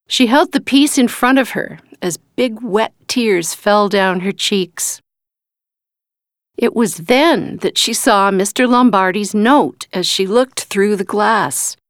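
A woman reading a story aloud in a slow, careful, clear way. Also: mid-range voice, no room sound, studio quality. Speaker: reader.

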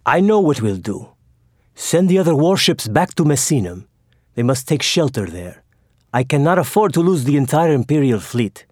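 A man's voice: a little high, big pitch swings, moderate pace, darkish tone, no echo, clean studio sound. A man voicing a stubborn old Roman admiral with a wheezy, commanding voice.

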